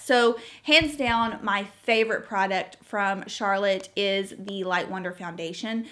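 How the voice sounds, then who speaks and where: A woman's voice: mid-range voice, a bit bright. A young woman chatting to camera in a casual beauty review, enthusiastic and gushing about her favorite products. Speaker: beauty vlogger.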